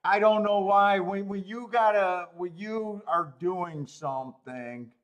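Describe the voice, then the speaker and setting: A man's voice: sits high, takes it slowly, dull audio. A man hosting a live horse racing handicapping stream, talking to himself and swearing in frustration over his bets.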